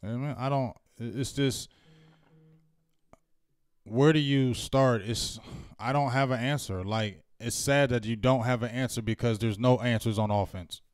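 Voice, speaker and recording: A man's voice: medium pitch, measured pace, smooth, no room sound, clean studio sound. A man co-hosting a postgame fan chat, venting with frustration and growing emphatic. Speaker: co-host.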